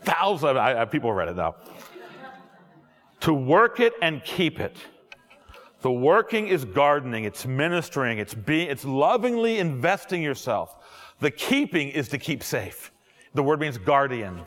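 A middle-aged man, a pastor, preaching a sermon with jokes and quick asides to his audience. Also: mid-range voice, sing-song, fairly bright tone, big-room sound. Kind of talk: sermon to young adults.

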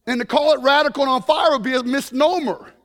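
A man preaching a lively sermon, joking with the congregation and acting out Bible characters as he goes. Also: very high-pitched, fast. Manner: playful, jokes with the crowd, acts out Bible characters. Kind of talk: animated sermon. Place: church sanctuary. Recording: long reverb of a large hall.

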